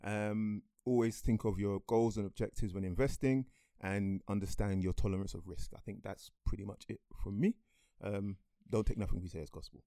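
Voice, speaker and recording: A man's voice: lowish voice, fairly even intonation, moderate pace, mellow, no room sound. Chatty man, dry studio sound. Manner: chatty and explanatory, laughs often. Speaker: podcast co-host. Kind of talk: casual chat.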